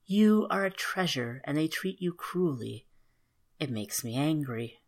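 A woman voicing a stern yet tender male fairy who speaks low, slow and quietly intense. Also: animated, exaggerated voice. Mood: quiet, gentle.

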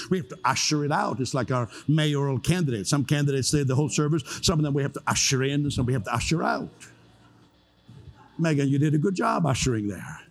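A pastor preaching in a relaxed, conversational way, with joking asides, easing into prayer. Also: male voice, mid-range voice, vocal fry. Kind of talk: sermon.

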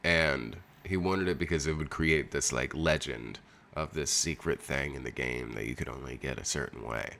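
A man's voice: rumbling low, moderate pace, creaky, pushed and bright. A young adult man co-hosting a podcast, chatting casually in a loose, jokey way and swearing freely. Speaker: podcast co-host. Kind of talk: casual chat.

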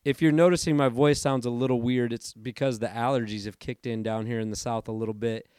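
Hoarse, chatty man hosting a podcast. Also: mid-range voice, fairly even intonation, brisk, darkish tone, no echo, clean studio sound. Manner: chatty and rambling, self-correcting. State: hoarse from allergies. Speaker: podcast host. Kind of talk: casual sports podcast chat.

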